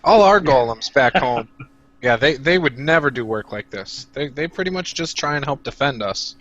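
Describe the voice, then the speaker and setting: Lively bright-voiced male player. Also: mid-range voice, normal speed, lo-fi sound. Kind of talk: in-character game talk.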